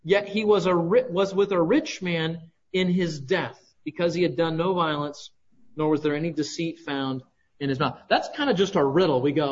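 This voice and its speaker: Here a pastor teaches a scripture passage one verse at a time, frequently tossing in "right?" to check on his listeners. His voice is slightly high at a moderate pace, and the audio sounds dull.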